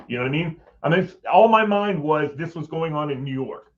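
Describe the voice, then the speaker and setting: With a fairly high, lively voice and a fairly quick pace, an ex-Hill staffer rambles through a story about himself. He swears a little and acts out others' lines; the dull lo-fi recording carries slight background noise.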